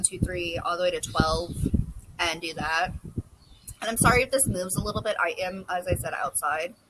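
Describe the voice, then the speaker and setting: A young woman chatting casually and rambling on her front porch, a little hoarse from losing her voice. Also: on the low side, background noise. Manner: chatty, rambling, self-deprecating. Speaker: book vlogger. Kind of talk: casual chat. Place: covered front porch outdoors. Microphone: phone camera.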